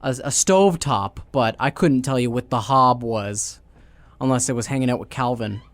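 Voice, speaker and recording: A man from Canada co-hosting a casual podcast. He rambles and jokes, trailing off into fillers and restarts, at a middling pitch. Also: normal speed, no echo. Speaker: podcast co-host. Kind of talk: casual chat.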